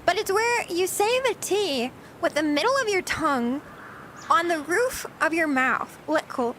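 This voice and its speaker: A woman's voice: extremely high pitch, animated, measured pace, a bit bright, a little hiss or hum. A woman streamer chatting casually with her live chat, giggly and talkative, answering questions as she goes.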